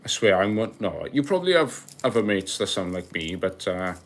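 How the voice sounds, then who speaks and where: A man's voice: lowish voice, big pitch swings, moderate pace. Chatty Welsh man on a live stream. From Wales. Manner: chatty, jokey, laughs often, rambling asides. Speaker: livestream host. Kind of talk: casual live-stream chat reading comments.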